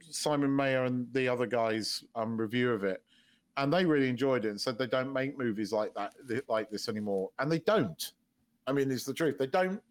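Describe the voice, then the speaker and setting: Agreeable man musing on a film. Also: mid-range voice. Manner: agreeable, reflective, short affirmations. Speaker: podcast co-host. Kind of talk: casual film review chat.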